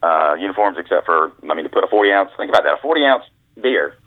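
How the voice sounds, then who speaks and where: A man's voice: low-pitched, very animated, fast talker, no room sound. A man, an author and former caddy, telling rambling, folksy stories as a guest over the phone. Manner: rambling, folksy storyteller with restarts. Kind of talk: storytelling phone interview. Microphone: telephone. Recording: tinny phone line, dry.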